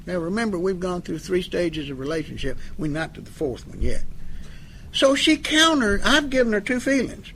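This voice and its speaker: A man's voice: high-pitched, very animated, normal speed, creaky, sharp tone, a little hiss or hum. A middle-aged man giving a humorous, folksy talk on relationships in recovery to an audience, acting out both sides of a couple's fights. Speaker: speaker on addiction recovery.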